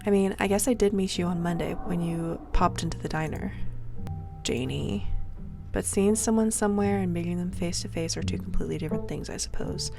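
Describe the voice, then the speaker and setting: An eager, over-polite cleaning woman in a story game rambles sweetly in a put-on American Southern drawl, as a woman voices her. Her mid-pitched voice has a slight gravelly fry, with faint music underneath. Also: fairly quick. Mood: sweet chirpy.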